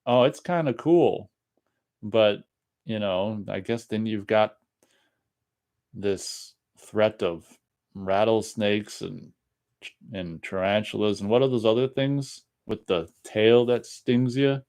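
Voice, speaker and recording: A man's voice: lowish voice, slow pace, darkish tone, clear, resonant tone. A man from Minnesota hosting a casual live show, reading viewer comments aloud and chatting back about them. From Minnesota, USA. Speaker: radio show host reading chat. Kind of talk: casual live-stream chat.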